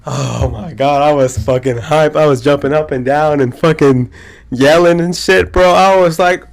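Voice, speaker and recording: A man's voice: on the high side, normal speed, vocal fry. Solo podcast host, male, about twenty, hyped and rambling, heavy slang and cursing. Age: around 20. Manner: excitable, slangy, swears a lot, rambling. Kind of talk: casual solo podcast chat.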